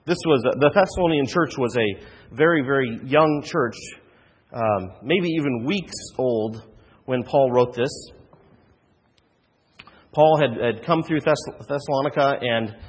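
A man's voice: mid-range voice, unhurried, husky, long reverb tail. A man preaching a sermon as a pastor, earnest, with frequent restarts and rhetorical questions.

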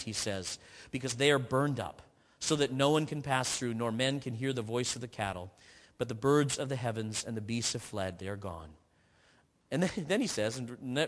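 A man preaching a sermon, reading scripture aloud with frequent restarts, swinging from emphatic peaks down to low, quiet stretches. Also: in a large hall. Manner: earnest, rising to emphatic peaks and dropping low.

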